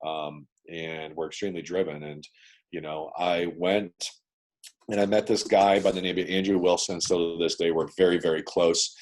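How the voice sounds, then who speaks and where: A Canadian entrepreneur, guesting on a video call interview, tells his business story bluntly and casually, swearing plenty and saying "man" and "dude" a lot. His voice is low-pitched, steady, and darkish, at a normal speed.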